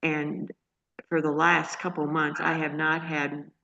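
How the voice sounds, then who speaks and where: A woman telling her own story in a casual, halting way, full of restarts and fillers, earnest and excited. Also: low voice, vocal fry. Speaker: guest sharing a healing testimony. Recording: dull lo-fi audio.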